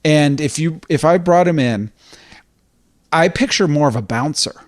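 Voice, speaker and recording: Man in relaxed dry podcast chat. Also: a little high, moderate pace, no room sound. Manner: thoughtful, acts out lines in character. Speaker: podcast co-host. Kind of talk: casual chat.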